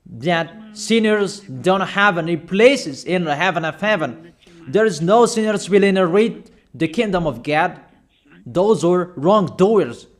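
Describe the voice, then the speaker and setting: A man with a rather high-pitched voice delivers a stern sermon. He admonishes his listeners emphatically, pausing between phrases and pressing them with rhetorical questions. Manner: admonishing, emphatic, slow deliberate phrasing with pauses. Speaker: preacher.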